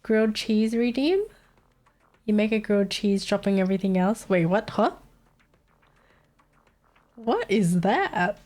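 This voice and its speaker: A woman's voice: medium pitch, lively intonation, measured pace, long pauses, darkish tone, soft background music. A young woman streaming live, chatting casually with her viewers, chatty and giggly and swearing freely.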